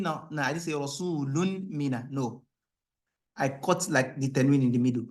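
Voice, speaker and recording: A man teaching Quran recitation rules, explaining in a questioning style and breaking into a higher, louder chant for the verses. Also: quick pace. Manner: asks the class rhetorical "what?" questions. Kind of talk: tajweed lesson, explaining and reciting.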